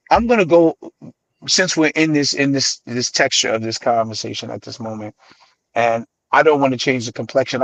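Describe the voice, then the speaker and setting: A middle-aged man from the Bronx with a New York accent, a guest on a radio show, telling his stories with animated energy and acting out the voices he quotes. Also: medium pitch, dry recording, poor audio. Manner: animated storyteller who acts out quoted voices. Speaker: guest, hip-hop artist. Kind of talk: radio interview storytelling.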